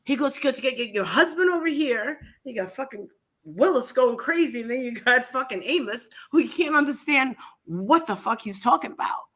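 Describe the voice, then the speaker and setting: A woman with a high voice tells a rambling story in casual chat. She swears freely, laughs through her lines and drops into a low voice to quote others. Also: animated, normal speed, a bit bright.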